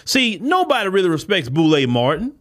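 Man, high-pitched voice, heated preachy commentary, talks straight to listeners. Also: wildly swooping pitch, a little fast, fairly bright tone. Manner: preachy, repetitive, addresses listeners directly. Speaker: podcast host. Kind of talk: impassioned commentary monologue.

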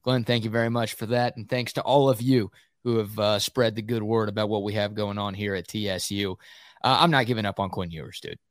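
A man's voice: fairly low pitch, fairly even intonation, fairly quick, no echo, studio quality. A man co-hosting a sports podcast, giving firm, opinionated takes in casual talk. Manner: opinionated, emphatic.

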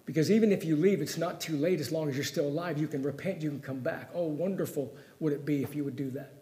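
A man preaching a sermon in a high voice, pressing his points with questions put straight to the listeners. He swings from loud, emphatic lines down to hushed pleading. The sound is echoey, as in a church room. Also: fast. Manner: asks the listeners direct questions.

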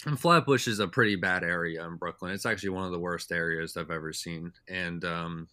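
His voice is deep and sharp, a little fast, with no room sound in the recording. Appearing as a guest on a podcast, this young man tells stories in a loose, rambling style packed with "uh" and "like" fillers.

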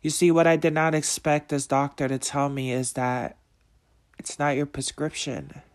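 A man speaking as a motivational speaker, preaching in a slow, emphatic way with repeated rhetorical questions. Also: a little high, steady tone. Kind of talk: motivational monologue.

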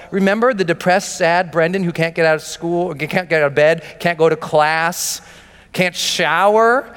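A man giving a motivational seminar talk, emphatic and driving, building to shouts in repeated rallying phrases. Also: sits high. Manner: emphatic, rising to shouts, repetitive rallying cadence. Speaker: motivational speaker. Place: large seminar hall with audience. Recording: echoey hall reverb with faint music.

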